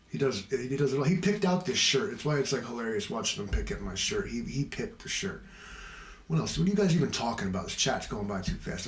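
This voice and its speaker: A man's voice: on the low side, echoey room, slight background noise. A man hosting a casual livestream, rambling from topic to topic in a jokey, self-mocking way. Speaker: livestream host.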